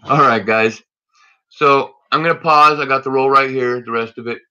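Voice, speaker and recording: Bright-voiced man hosting a live stream. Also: mid-range voice, steady tone, normal speed, muffled recording. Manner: chatty, greets viewers by name. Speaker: livestream host searching coin rolls. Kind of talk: casual live-stream chat. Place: indoors at home.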